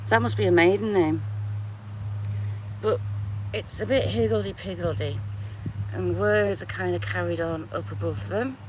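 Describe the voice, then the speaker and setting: A woman's voice: lowish voice, moderate pace, long pauses, slight background noise. A woman walks through a churchyard on a casual vlog, chatting playfully and reading old headstones aloud. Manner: chatty and playful, jokingly greeting the graves. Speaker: vlogger giving a walking tour. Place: outdoors in a churchyard among trees.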